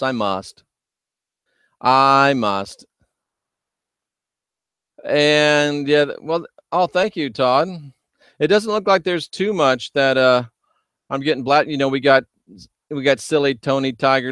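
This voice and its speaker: A man hosting a livestream, talking loudly and emphatically while reading viewer chat. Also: mid-range voice, measured pace, long pauses, clear, resonant tone, no room sound, studio quality. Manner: loud, shouting, emphatic. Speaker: host.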